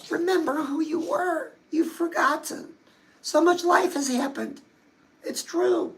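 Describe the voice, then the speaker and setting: High-voiced chatty advice woman. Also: vocal fry, a little hiss or hum, low-quality recording. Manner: chatty, confiding, addresses listeners as girl. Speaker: love and dating advice host. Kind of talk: casual advice talk to viewers.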